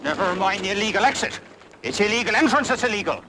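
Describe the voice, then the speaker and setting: A quarrelsome border officer who argues in a rapid, high voice. The old 1960s TV soundtrack hisses with noise. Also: male voice, lively intonation, bright, forceful tone, low-quality recording. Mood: argumentative. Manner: argumentative, quick. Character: quarrelsome border officer, jealous of his catch. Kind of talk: 1960s television drama.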